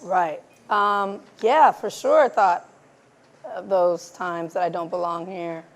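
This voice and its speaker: A woman from South Los Angeles, a guest filmmaker answering questions in a live conversation, animated and laughing often as she acts out conversations. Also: on the low side, slow pace. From South Los Angeles, USA.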